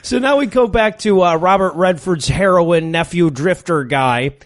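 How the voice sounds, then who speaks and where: A man with a fairly high voice walks through a bad movie's scenes as a podcast co-host. He swears freely and laughs often while he recaps. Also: moderate pace. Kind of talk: casual comedic movie recap.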